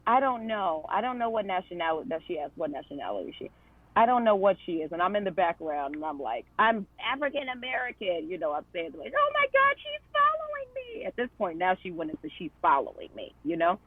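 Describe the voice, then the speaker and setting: A woman's voice: lowish voice, lively intonation, fast talker, husky, no echo. A woman guest on a podcast, telling a story in a conversational way, full of fillers and quoted dialogue. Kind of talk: casual storytelling. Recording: tinny phone-like line.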